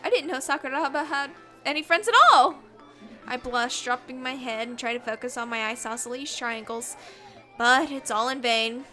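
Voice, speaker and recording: A woman's voice: high-pitched, moderate pace, sharp tone, soft background music. A woman streamer reading game narration aloud and making self-mocking, giggly asides. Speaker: let's play streamer.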